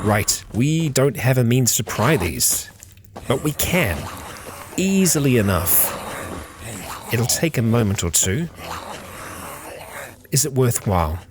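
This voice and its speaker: Slow, low-voiced man musing through a game. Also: background noise. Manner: calm, musing narration addressing his character. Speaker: let's play host. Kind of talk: game playthrough commentary.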